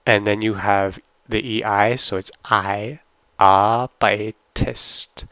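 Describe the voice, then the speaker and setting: A German language teacher with a lowish, sharp voice and fairly even intonation gives a casual screen-recorded lesson with no echo. He sounds out words one at a time, pronouncing each slowly and carefully.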